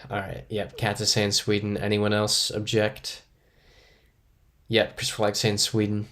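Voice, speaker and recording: A man's voice: fairly low pitch, completely flat delivery, a little slow, fairly bright tone. A man streaming a geography guessing game live, thinking aloud, chatting with viewers and poking fun at himself. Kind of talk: casual live-stream commentary, reading chat.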